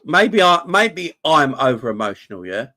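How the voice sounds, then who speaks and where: A man's voice: a little high, big pitch swings, normal speed, bright, forceful tone. A man who has a wife and kids, hosting a live fan chat stream about football, passionate and emotional, and often repeating himself. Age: adult, married with kids. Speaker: fan channel host.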